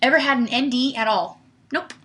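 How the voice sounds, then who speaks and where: A woman's voice: high-pitched, fairly quick, fairly bright tone. A young woman hosting a casual livestream, answering viewer questions in a chatty way full of "like" and "um". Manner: chatty, uses filler "like" often. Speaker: livestream host.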